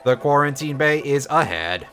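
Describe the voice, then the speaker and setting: A man voicing a flat, robotic male ship computer that gives orders, in a deadpan monotone over game music. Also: a little high, normal speed.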